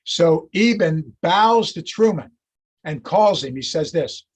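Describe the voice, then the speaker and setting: Husky-voiced man lecturing on history. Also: on the high side, a little slow. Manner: storytelling, acts out quotes.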